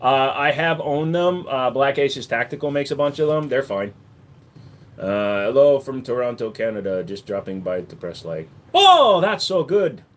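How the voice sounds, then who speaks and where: A man's voice: mid-range voice, moderate pace. A man from the United States hosting a casual livestream, joking and answering viewers' questions at a desk microphone. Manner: joking, slips in and out of put-on accents. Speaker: livestream host.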